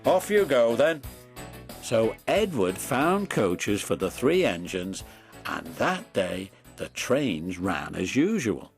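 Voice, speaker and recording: Male storybook narrator, slow and expressive, faint music behind. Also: low voice, vocal fry.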